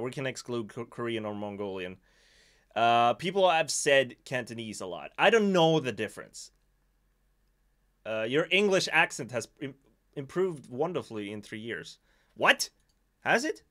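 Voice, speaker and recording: A man from Sweden with a Swedish accent, chatting casually on a live stream and often laughing at himself. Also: mid-range voice. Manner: animated, laughing, self-deprecating.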